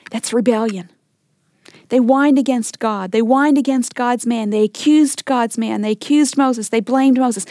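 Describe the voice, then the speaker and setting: A woman's voice: fairly high pitch, darkish tone, dry recording, studio quality. A middle-aged woman giving a sermon as a Bible teacher, acting out quoted complaints in a raised voice and dropping to a whisper for emphasis.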